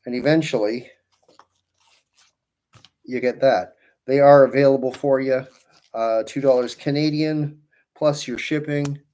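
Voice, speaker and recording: A man hosting a live balloon-twisting stream who talks at an unhurried, slow pace in a middle-pitched voice. He greets viewers by name and drifts into rambling, friendly asides. He keeps working with his hands as he chats. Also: fairly even intonation, mellow. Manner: works with his hands while talking. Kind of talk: casual livestream chat with viewers.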